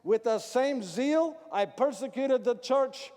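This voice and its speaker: Man, very high voice, dramatic first-person storyteller, echoey hall, faint music underneath. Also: animated, takes it slowly, a little mellow. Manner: dramatic, repeats phrases for emphasis, raises voice when calling out. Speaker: actor portraying a biblical figure.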